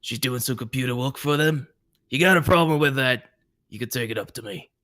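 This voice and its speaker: A man voicing a round, short-tempered male vampire gang leader who is gruff and threatening. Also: lowish voice, fairly even intonation, brisk, pushed and bright, full character voice. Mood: annoyed.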